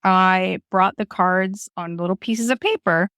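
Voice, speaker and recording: A woman's voice: medium pitch, a little slow, fairly bright tone, smooth, no room sound, studio quality. A woman guest, talking openly and emotionally about her grief and the start of her project, laughing often as she speaks. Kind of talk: candid conversational storytelling.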